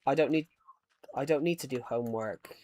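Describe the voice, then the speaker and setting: Male streamer, casual rambling chat, mid-pitched, restarts often. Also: a little fast, dark tone. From United Kingdom. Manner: rambling, many false starts and restarts. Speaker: Minecraft streamer. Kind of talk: casual chat while gaming.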